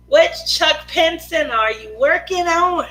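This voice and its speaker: A woman hosting a relaxed craft livestream, greeting her viewers by name in a high, bright voice. She talks at an unhurried pace, playful and chatty, sometimes slipping into a sing-song lilt. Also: low-quality recording. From Las Vegas, USA. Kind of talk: casual livestream chat while painting.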